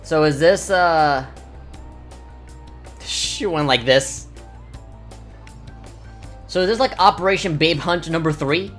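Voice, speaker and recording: A woman's voice: low-pitched, slow pace, long pauses. A woman commentating a video game in a crude, sarcastic, jokey way, with game music behind. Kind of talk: let's play commentary.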